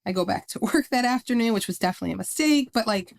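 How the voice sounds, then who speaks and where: A woman in her thirties appears as a podcast guest, recounting her story in a conversational, animated way. Her voice is on the high side and quick, with vocal fry, and she leans heavily on "like" fillers while acting out quotes.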